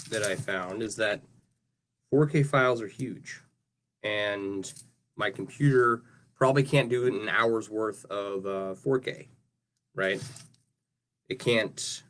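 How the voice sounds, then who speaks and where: Medium in pitch and a bit bright, this man's voice carries relaxed livestream chatter as he works on his craft. He wanders from point to point and often caps his sentences with "right?"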